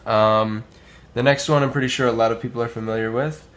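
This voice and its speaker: A man teaching a casual language lesson, modelling phrases slowly with many pauses and filler words. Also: medium pitch, fairly even intonation, a bit bright. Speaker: Spanish teacher.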